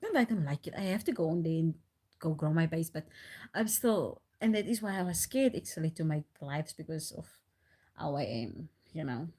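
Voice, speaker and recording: Animated woman telling stories. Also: deep voice, moderate pace, slightly rough. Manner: animated, rambling with restarts, laughs often. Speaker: livestreamer. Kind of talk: casual storytelling on a live stream.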